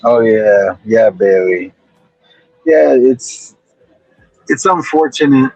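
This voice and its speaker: Slow, husky man chatting casually. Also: mid-range voice, animated, darkish tone, dry recording, low-quality recording. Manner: laid-back and rambling. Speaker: livestream panel guest. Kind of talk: casual chat.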